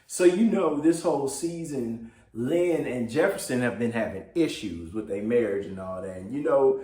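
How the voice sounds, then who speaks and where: A man's voice: medium pitch, expressive, moderate pace, mellow. A man giving a loose, casual recap of a TV episode, chatty and full of fillers. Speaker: TV show recap blogger. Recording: roomy echo.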